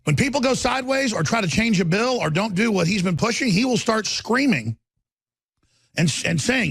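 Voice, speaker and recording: A man's voice: high-pitched, lively intonation, normal speed, vocal fry, a bit bright, slightly rough, no room sound. A man hosting a talk show, delivering a rambling, impassioned monologue into a studio microphone.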